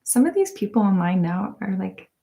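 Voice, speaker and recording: A woman hosting an ASMR live stream in casual chat with her viewers. She is soft-spoken, often drifts into whispers and laughs a lot. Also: mid-range voice, big pitch swings, moderate pace, vocal fry. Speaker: ASMR channel host.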